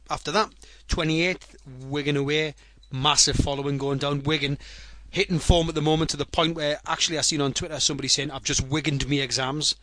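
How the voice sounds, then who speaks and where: A man's voice: a little high, pushed and bright. A man hosting a casual football podcast, telling jokes and stories in a rambling way. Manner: rambling, jokey storyteller. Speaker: podcast host.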